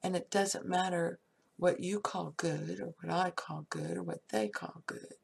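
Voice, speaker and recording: A woman's voice: on the low side, steady tone, a little slow, creaky, breathy edge. A woman giving a casual, upbeat talk on prayer and feeling, often laughing and dropping into whispers. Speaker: spiritual speaker.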